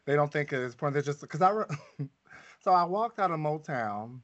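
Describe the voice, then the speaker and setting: A man co-hosting a casual podcast review of a musical, candid and animated, with frequent fillers and laughter. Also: on the high side, fairly quick, muffled recording. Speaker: podcast co-host. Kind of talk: casual theater review chat.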